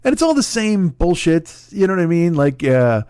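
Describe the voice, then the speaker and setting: A man's voice: fairly high pitch, normal speed, clean tone, no room sound, studio quality. A man in his forties, a comedian and podcast host, telling stories in a profane, ranting casual monologue. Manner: profane, ranting, animated storytelling.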